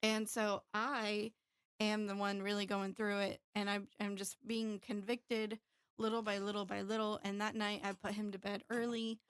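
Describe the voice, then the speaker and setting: A woman's voice: mid-range voice, level tone, normal speed, clear, resonant tone, dry recording, clean studio sound. A woman in her thirties telling a personal story candidly in casual chat, with plenty of fillers. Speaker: podcast co-host.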